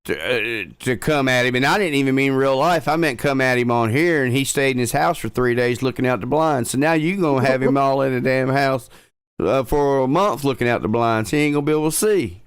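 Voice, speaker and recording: A man's voice: medium pitch, a little fast, few pauses, clean tone, no echo, clean studio sound. A man joking and teasing in a casual chat.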